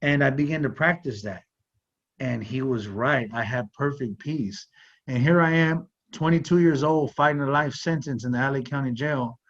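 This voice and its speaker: A man's voice: mid-range voice, moderate pace, fairly bright tone. Earnest man telling a personal story. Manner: earnest, with frequent "like" and "you know". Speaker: podcast host. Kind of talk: heartfelt conversational storytelling. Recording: slightly muffled audio.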